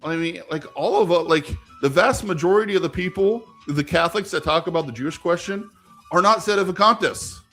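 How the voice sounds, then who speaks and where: A man's voice: high-pitched, fairly quick, fairly bright tone, faint music behind. A man hosting a casual live stream while gaming, rambling with many fillers and turning emphatic when he argues.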